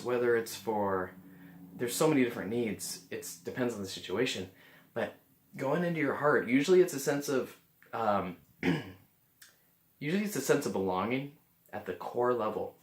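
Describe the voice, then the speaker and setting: A man talks casually to the camera, earnest and a little rambling, restarting his phrases as he goes. His voice sits in a middle register. The sound is roomy, with a noticeable echo off the walls. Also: mid-range voice. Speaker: vlogger.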